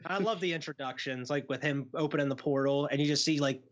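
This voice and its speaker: A young man co-hosting a podcast, retelling scenes in an animated way and acting out lines with laughter. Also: on the high side, quick pace. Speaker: podcast co-host. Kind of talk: casual chat. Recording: dull lo-fi sound.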